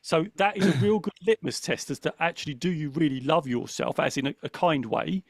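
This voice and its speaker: Gravelly man, earnest podcast chat. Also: fairly high pitch, fairly quick, no echo. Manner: earnest, self-reflective, repeats "right?". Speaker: podcast co-host. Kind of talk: casual chat.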